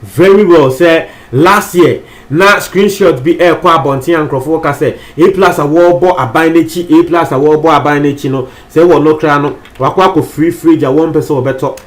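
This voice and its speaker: A man's voice: on the high side, normal speed, few pauses. A Ghanaian man presenting entertainment news in a chatty, casual way, switching between languages and repeating phrases for emphasis.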